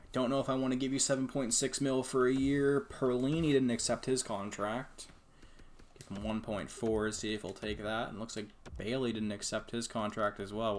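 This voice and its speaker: Frustrated guy talking to himself while he plays, dry sarcastic mutter, soft typing in the background. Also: mid-range voice, little pitch movement, moderate pace, slight background noise. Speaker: gaming YouTuber. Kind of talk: casual gameplay commentary.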